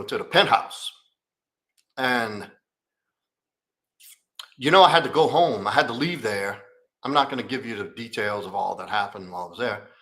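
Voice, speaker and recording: A man's voice: lowish voice, sharp tone. A man, a coach telling a candid, profane, rambling personal story in a live Q&A.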